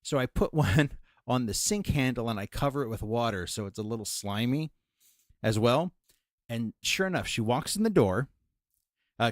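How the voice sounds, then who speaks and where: A male podcast co-host telling a story with a lively, swooping voice and plenty of swearing. The sound is close and dry, with no room around it. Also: medium pitch, dry recording. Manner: animated, profane, laughing storyteller. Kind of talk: casual chat, storytelling.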